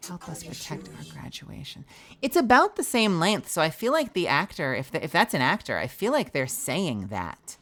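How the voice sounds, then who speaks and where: A woman's voice: deep voice, very animated, moderate pace, hardly any pauses, a bit bright. A woman streaming a video game, chatting casually with lots of "like" fillers and swearing, reading the game text aloud. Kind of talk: casual gameplay commentary.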